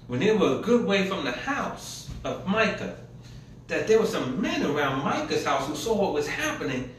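High-voiced preacher in an echoey hall. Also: male voice, a bit bright, a little hiss or hum. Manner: retells scripture in colloquial paraphrase. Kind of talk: sermon. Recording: echoey room from a distance.

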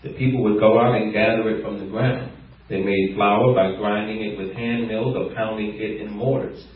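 A man preaching a sermon, reading scripture in a steadier voice and breaking into laughter and animated emphasis between passages. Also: moderate pace, a little hiss or hum. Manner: laughs often, animated rises in pitch when stressing points; reads scripture aloud in a lower, steadier voice. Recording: echoey hall, far from mic, dull sound.

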